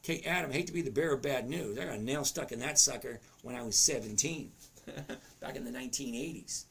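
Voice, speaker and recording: Gravelly middle-aged man teaching trading. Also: medium pitch, a little fast, fairly bright tone. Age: 50s. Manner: chatty, reads comments aloud, self-interrupting. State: voice cracking. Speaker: trading educator. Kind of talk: live-stream trading lesson.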